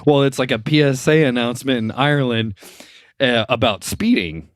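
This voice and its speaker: A man's voice: medium pitch, normal speed, background noise. A young man co-hosting a podcast, telling stories in a rambling casual way, full of "like" and prone to laughing fits. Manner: rambling storyteller, heavy use of "like", breaks into laughter. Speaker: podcast co-host. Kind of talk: casual chat.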